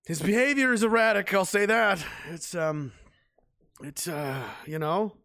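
A man's voice: sits high, creaky, fairly bright tone, no room sound, clean studio sound. A man from Canada hosting a livestream, reading chat messages aloud and riffing in casual, profane commentary. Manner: swears freely, jumps from mocking rants to quick chat replies.

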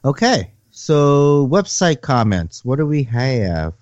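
Chill guy cohosting a podcast, mellow voice, kinda muffled bassy mic. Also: slow pace, dry recording. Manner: relaxed, agreeable, hedging. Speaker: podcast co-host. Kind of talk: casual chat.

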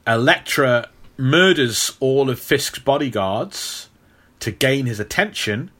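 Bright-voiced man, rambling and teasing. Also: medium pitch, lively intonation, slow pace. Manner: rambling, teasing, many restarts. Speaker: podcast co-host. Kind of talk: casual movie podcast chat.

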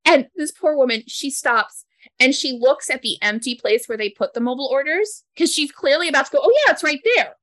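A woman co-hosting a casual chat, retelling a story in a chatty way with laughter and halting restarts. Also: sits high, fairly bright tone, no echo. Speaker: podcast co-host.

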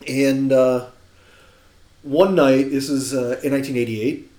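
A man in a casual chat, telling animated, laughing anecdotes with lots of restarts. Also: mid-range voice, measured pace, reverberant.

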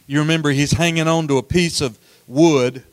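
Middle-aged male pastor, higher voice, folksy sermon storyteller. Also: fairly even intonation, moderate pace, no room sound, studio quality. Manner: folksy storytelling, repeats words, swings from loud to hushed.

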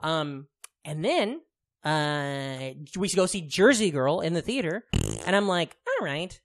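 A man's voice: fairly high pitch, animated, takes it slowly. A man in his thirties co-hosting a podcast, chatting casually in a rambling, profane way, with lots of fillers and frequent laughs. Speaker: podcast co-host. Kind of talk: casual chat.

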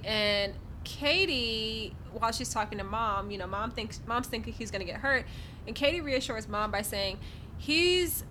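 A woman's voice: fairly high pitch, slight background noise. A woman co-hosting a podcast, chatting casually and jumping in to add details and quoted asides. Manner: bright, interjecting, adds details with quoted asides. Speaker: podcast co-host. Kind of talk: casual recap chat.

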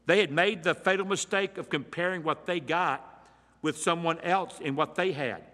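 A man preaching a sermon in a large church, his voice slightly high and bright with a forceful edge. He works through the text verse by verse and drives his points home with rhetorical questions. His voice rings with the long reverb of the big hall. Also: moderate pace. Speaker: pastor.

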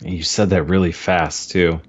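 A man's voice: sits low, little pitch movement, unhurried, breathy edge, lo-fi sound. A man co-hosting a podcast, guessing answers in casual chat with a self-deprecating, hesitant manner. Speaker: podcast co-host.

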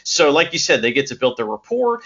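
Brief: slightly high male co-host, measured explanations, lo-fi audio. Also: very animated, a bit bright. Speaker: podcast co-host. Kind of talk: casual chat.

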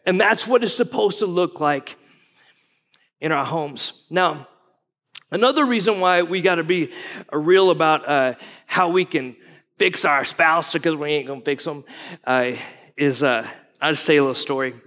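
This preacher, a guest pastor in his forties, has a slightly high, fairly bright voice, moves at a moderate pace and pauses often. He keeps the sermon conversational and folksy, asking the congregation questions, with long large-hall reverb around him.

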